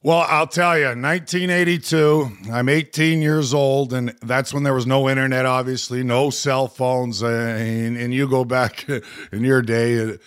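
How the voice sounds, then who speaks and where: Guy guest on an interview, animated candid storyteller, laughs a lot, average pitch. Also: a little slow, clean tone. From Canada. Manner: animated, candid, laughs while telling stories.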